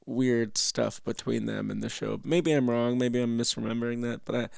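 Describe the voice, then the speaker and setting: A young man from Canada rambles through casual commentary, swearing and restarting his sentences. His voice is heavily gravelly. The sound is dry and close, with no room echo. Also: mid-range voice, fairly even intonation, normal speed. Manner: rambling, profane, self-interrupting. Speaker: host.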